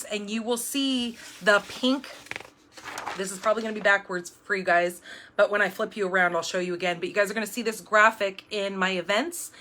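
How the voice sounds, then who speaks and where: A woman's voice: mid-range voice, pushed and bright. A middle-aged woman hosting a live craft stream from home, chatting in an upbeat, rambling way with lots of fillers and restarts. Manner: jumpy, self-described. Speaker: card-making demonstrator hosting a live stream.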